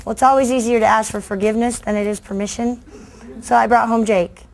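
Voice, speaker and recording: Animated woman telling stories to a crowd. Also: on the high side, quick pace. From United States. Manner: animated, acts out voices of kids and adults. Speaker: children's book author giving a talk. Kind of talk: lively storytelling speech to an audience.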